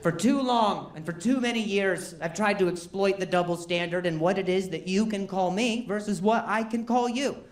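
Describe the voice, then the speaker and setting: A man's voice: high voice, moderate pace, hardly any pauses, echoey room. Stuttering man doing stand-up. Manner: self-deprecating, wry storytelling with comic outbursts. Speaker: stand-up comedian. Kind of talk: stand-up comedy set. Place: comedy club stage.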